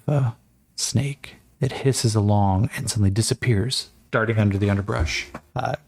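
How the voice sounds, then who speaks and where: A man's voice: lowish voice, gravelly, darkish tone. A man running a solo tabletop game as game master, narrating in a casual, profane, self-mocking way.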